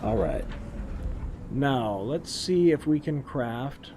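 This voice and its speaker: A man's voice: mid-range voice, animated, takes it slowly, mellow, a little hiss or hum. A man streaming a survival game, chatting casually with laughing asides. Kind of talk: casual gameplay commentary.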